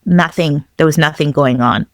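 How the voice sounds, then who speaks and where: A young woman from Zambia telling a personal story as a podcast guest, reflective and halting, with many fillers. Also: sits low, no room sound, clean studio sound.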